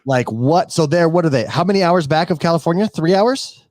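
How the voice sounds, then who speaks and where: A man with a mid-range voice teases his co-hosts on a casual gaming podcast. His pitch swings a lot as he talks, and he sounds close to the mic with no echo. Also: a little fast. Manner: animated, teasing. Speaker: podcast co-host.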